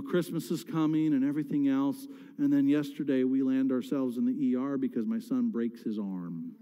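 A man's voice: medium pitch, warm tone, lo-fi sound. A middle-aged man, a pastor, preaching a candid and emotional sermon with frequent restarts. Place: church sanctuary. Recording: long hall reverb.

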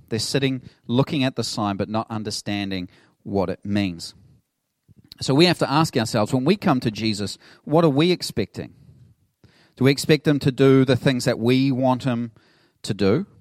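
A man's voice: mid-range voice, no echo, studio quality. A middle-aged man, a pastor preaching a sermon in a casual, conversational way, acting out the people in his story. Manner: conversational, animated storytelling with laughs.

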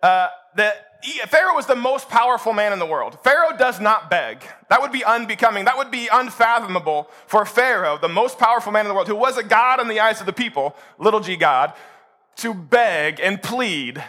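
Bright-voiced animated preacher man. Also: high-pitched, moderate pace. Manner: animated, humorous storytelling. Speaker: pastor. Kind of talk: sermon.

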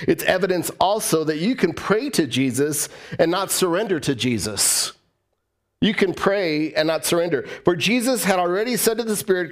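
A man's voice: sits high, normal speed. A male pastor preaching a sermon, telling stories with a voice that swings up and down. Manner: animated storytelling, voice rising and falling.

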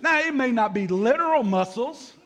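A man in his fifties, a pastor preaching a sermon in a lively, joking way, acting out little scenes and calling for amens. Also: high-pitched, brisk. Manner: lively and joking, acts out voices, calls for amens from the congregation.

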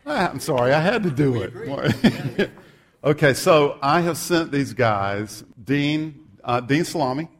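Joking pastor preaching a sermon. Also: male voice, fairly high pitch, lively intonation, slow pace, crowd noise. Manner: humorous, self-deprecating asides. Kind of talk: sermon with scripture reading.

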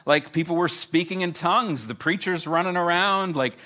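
A middle-aged man preaching a sermon, animated and storytelling, with self-deprecating humor. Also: high-pitched, moderate pace. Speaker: pastor.

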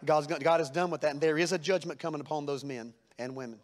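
A man's voice: a little high, steady tone, fast. A man preaching a sermon, folksy and plain-spoken, building to fervent rhetorical questions. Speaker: pastor.

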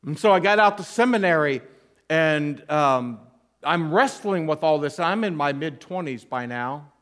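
This interim pastor shares his personal testimony from the pulpit, telling candid, self-deprecating stories with earnest feeling. His intonation is lively and his pace a little slow, and his voice drops softly at the emotional moments.

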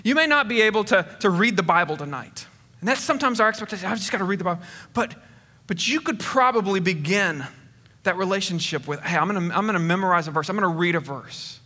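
A man's voice: sits high, expressive, quick pace, sharp tone. A middle-aged man pastor preaching a sermon in a church, speaking earnestly and conversationally with frequent restarts. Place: church sanctuary. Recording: reverberant church hall.

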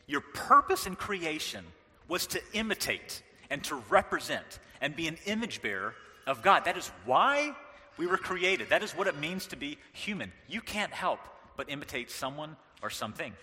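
A middle-aged man from the American South giving a lively, joking sermon as a pastor. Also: a little high, big-room sound. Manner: animated, joking, with playful impressions.

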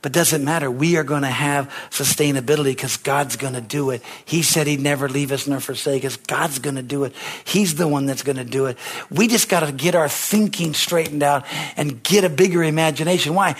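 Husky high-voiced fervent male preacher. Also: fairly quick. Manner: fervent, swings from low murmurs to high shouted bursts; asks the congregation for amens. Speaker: pastor. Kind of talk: sermon.

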